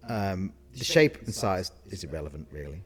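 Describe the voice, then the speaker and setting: A man's voice: sits low, sing-song, moderate pace. A man co-hosting a casual podcast as a caterer, explaining things in detail with asides and self-corrections. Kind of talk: casual chat.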